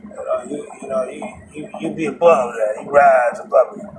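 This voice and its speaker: A man voicing a young New York boyfriend who calms his partner in a low-key, halting and repetitive way. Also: distant mic, natural voice. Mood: soothing. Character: mumbling young boyfriend soothing her. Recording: noisy moving car.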